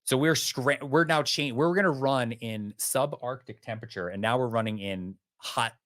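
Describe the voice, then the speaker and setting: A man telling a vivid story as a podcast guest, lively and animated. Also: mid-range voice, normal speed, no room sound, studio quality. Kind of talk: storytelling in an interview.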